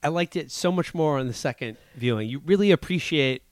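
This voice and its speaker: Jokey podcast guy, slightly high voice, smooth, dry close mic. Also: lively intonation, a little fast, no room sound. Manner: joking, laughs often. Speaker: podcast co-host. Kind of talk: casual chat.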